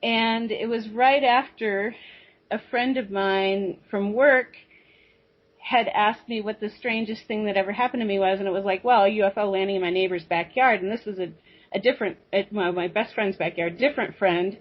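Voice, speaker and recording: A woman guest telling a personal story in a rambling, animated way, with restarts and asides. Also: mid-range voice, normal speed. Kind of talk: personal storytelling on a talk show. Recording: dull lo-fi audio.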